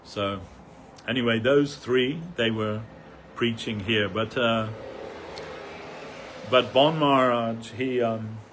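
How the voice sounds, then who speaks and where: Background noise accompanies an older man's slow, steady, medium-pitched voice as he gives a remembrance talk at a temple festival. A devotee speaker, he wanders through anecdotes with plenty of fillers, restarts, and chuckles.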